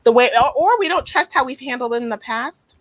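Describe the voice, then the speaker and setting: A woman speaking as a guest therapist in an interview over a video call, gentle and reflective, with many fillers and restarts. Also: high voice, expressive, fairly quick, no room sound, low-quality recording. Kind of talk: casual interview talk.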